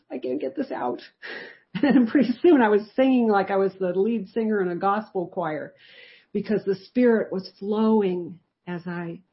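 A woman's voice: mid-range voice, dull audio. Woman telling her testimony at Bible study. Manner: conversational storytelling, lively shifts in loudness.

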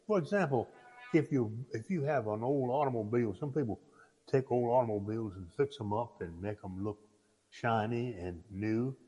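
Male preacher, mid pitch, folksy and halting; echoing hall, soft music beneath. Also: slightly rough, lo-fi sound. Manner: folksy, halting with repeated restarts. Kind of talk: sermon.

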